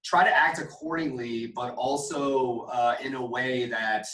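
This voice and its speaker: A man's voice: medium pitch, fairly even intonation, a little slow, bright, forceful tone. A man leading a sales meeting, coaching his team and acting out sample phone calls. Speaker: sales trainer. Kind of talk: casual sales meeting talk. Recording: echoey room, mic at a distance.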